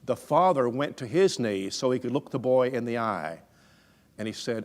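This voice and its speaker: A man's voice: mid-range voice, lively intonation, normal speed, a little mellow. A man preaching a sermon through stories, folksy, conversational and emphatic. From Alabama, USA. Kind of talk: storytelling sermon.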